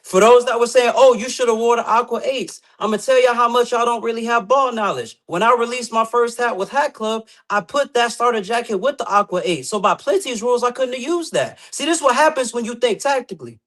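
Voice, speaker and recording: A man's voice: very high voice, expressive, fairly quick, hardly any pauses, a bit bright. A man in casual podcast banter, boasting and trash-talking a rival. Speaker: guest competitor.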